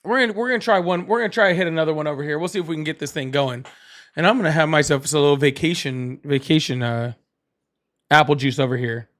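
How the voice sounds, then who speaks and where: A man's voice: fairly high pitch, fast talker, a bit bright. A young man hosting a political call-in livestream, thanking donors, laughing often and blunt with callers. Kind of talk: casual livestream chat, reading donor messages.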